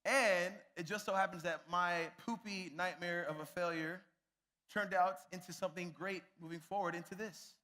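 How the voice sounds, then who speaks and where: A man's voice: high voice, fairly even intonation, normal speed, sharp tone. A young man, a youth pastor, telling a self-mocking story to a youth group and addressing them directly.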